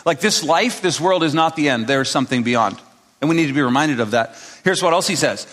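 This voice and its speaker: A man's voice: a little high, expressive, a little fast, a bit bright. Pastor guy preaching a sermon, chatty storyteller, big echoey church hall. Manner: conversational storytelling, acting out quotes. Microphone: speaking to a live congregation. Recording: long reverb of a large hall.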